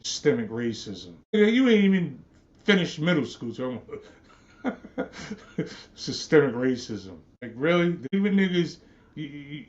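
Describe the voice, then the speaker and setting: A man's voice: medium pitch, muffled recording. A man hosting a podcast, ranting in a profane, scornful, repetitive monologue. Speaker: podcast host.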